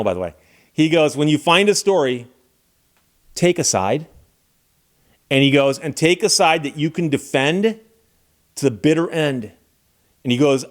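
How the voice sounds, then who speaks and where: A middle-aged man from Michigan tells a story in a relaxed, chatty way, with a voice a little higher than most men's. He acts out what other people said in his anecdote. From Michigan, USA. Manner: animated anecdote-telling, acting out quoted dialogue. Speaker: channel host, attorney. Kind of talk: casual storytelling monologue.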